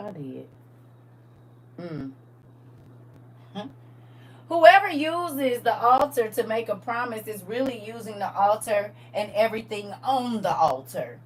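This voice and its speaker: A woman hosting a live-streamed Bible study, preaching in a lively, playful way and answering viewers' comments. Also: fairly high pitch, breathy edge.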